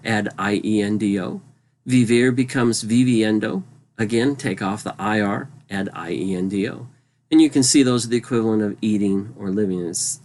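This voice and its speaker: Relaxed man explaining a grammar lesson. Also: on the low side. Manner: relaxed, conversational, spells out letters, frequent ums. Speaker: Spanish teacher. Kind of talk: explanatory lesson over slides.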